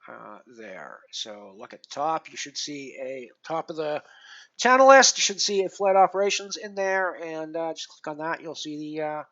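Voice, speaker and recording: Male poker streamer, casual rambling chat, bright and edgy tone, muffled lo-fi stream sound. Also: a little high, lively intonation, normal speed. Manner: rambling, many fillers and restarts; self-deprecating.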